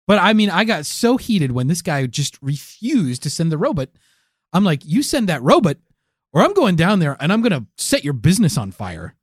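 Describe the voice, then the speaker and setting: Man, deadpan improv comedy, slightly high voice, very lively pitch. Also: moderate pace, husky, no echo, clean studio sound.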